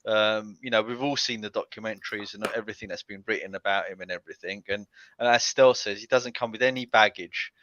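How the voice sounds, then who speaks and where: Bright-toned man with halting speech. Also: lowish voice, steady tone, dry recording. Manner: hesitant, restarts a lot. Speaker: podcast guest. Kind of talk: casual podcast chat. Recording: dull lo-fi dry sound.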